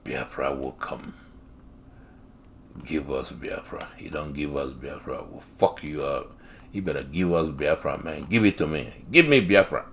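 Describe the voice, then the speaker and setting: A man's voice: a bass voice, unhurried, a bit bright, slight background noise, voice pushed down, heavily acted. A man mocking a whiny, childish demander. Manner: mocking, petulant chanting.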